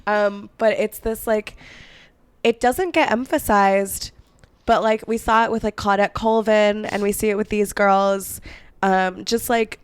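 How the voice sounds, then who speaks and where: A woman co-hosting a podcast, telling history in casual chat, with a hoarse, fading voice and lots of "like" fillers. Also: medium pitch, steady tone, measured pace, no room sound. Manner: chatty, many "like" fillers, indignant asides. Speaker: podcast co-host.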